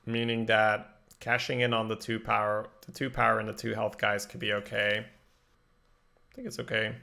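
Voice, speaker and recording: A man's voice: fairly low pitch, flat delivery, normal speed, creaky, bright, forceful tone. A man from Belgium, a game streamer chatting casually while thinking aloud about his plays and answering viewers. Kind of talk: casual live-stream commentary.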